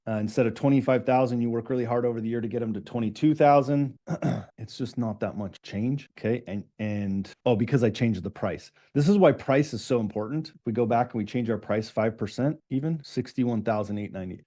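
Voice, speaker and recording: A fast-talking middle-aged man coaching business owners in a live online session. His voice is dark and mellow, and he sits in an average, unremarkable pitch range. He keeps checking in with the audience as he goes.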